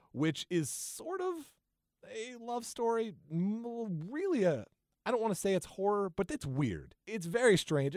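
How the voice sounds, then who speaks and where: A man's voice: medium pitch, a little mellow, no room sound, studio quality. A man co-hosting a podcast, chatting casually and enthusiastically about movies with frequent restarts. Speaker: podcast co-host.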